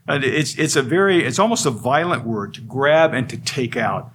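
A man's voice: mid-range voice, lively intonation, normal speed, hardly any pauses, a bit bright, slight background noise. A man preaching an expository sermon, earnest and emphatic, driving points home through repetition. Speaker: pastor.

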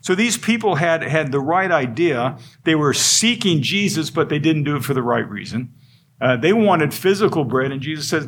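A man's voice: fairly high pitch, lively intonation, moderate pace, fairly bright tone, slightly rough. A man preaching an expository sermon, earnest and emphatic, driving points home through repetition. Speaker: pastor.

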